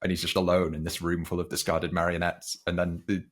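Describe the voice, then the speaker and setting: Young male host, deep voice, rambling, self-correcting. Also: little pitch movement, fairly quick, fairly bright tone. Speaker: film podcast host. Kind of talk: casual chat.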